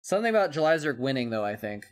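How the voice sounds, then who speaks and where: A man's voice: medium pitch, big pitch swings, fast talker, clear, resonant tone. A man streaming live, chatting casually while watching old game footage, rambling and breaking off his own sentences with an amused tone. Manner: rambling, self-interrupting, amused.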